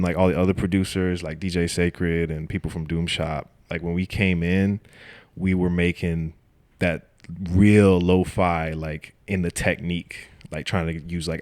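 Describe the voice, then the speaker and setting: A man's voice: deep voice, flat delivery, a little slow. A young man from Atlanta, a rapper and producer, talking casually in an interview, laid-back and full of "like" and "you know". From Atlanta, Georgia. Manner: laid-back, heavy use of "like" and "you know", laughs often.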